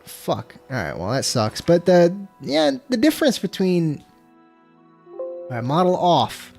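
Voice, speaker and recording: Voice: mid-range voice, huge pitch swings, unhurried, creaky, darkish tone, soft background music. A streamer chatting casually with viewers during a gameplay livestream, swearing freely and breaking into frustrated outbursts. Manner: laid-back, talks to chat.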